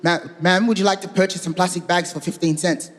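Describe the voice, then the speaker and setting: A man's voice: high voice, steady tone, a little fast, fairly bright tone, in a large hall. A man on a stand-up stage voicing a polite grocery store cashier.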